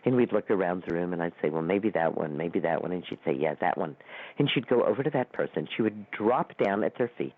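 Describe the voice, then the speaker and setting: A middle-aged woman hosting a radio show, telling stories in an animated way and acting out the voices she quotes. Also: a little fast, husky. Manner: animated, acts out quoted voices with big pitch swings. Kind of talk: storytelling talk. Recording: phone-line sound.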